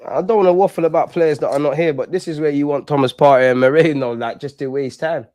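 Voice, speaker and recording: A young man hosting a live football watch-along, animated and talking straight to the players and referee. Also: fairly high pitch, fast, dry recording.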